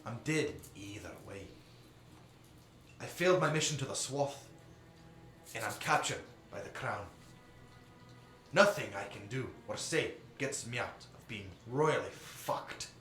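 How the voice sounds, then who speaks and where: A man voicing a defiant, doomed male criminal prisoner with a flat, resigned manner and old-fashioned brogue words, in a roomy live stream recording. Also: mid-range voice, unhurried, pauses often, faint music behind, voice pushed up.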